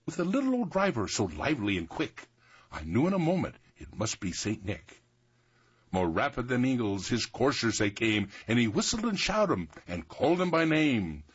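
A man's voice: mid-range voice, big pitch swings, normal speed, husky. Man reciting with a sing-song lilt. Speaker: grown child reminiscing. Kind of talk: reading poem aloud. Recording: slightly dull recording.

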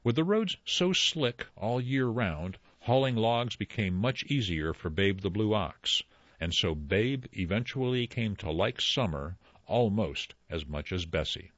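A man telling tall tales and explaining word origins in an expressive, lively storytelling manner. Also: on the low side, unhurried, dry recording. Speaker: storyteller and co-host. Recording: dull lo-fi recording, dry.

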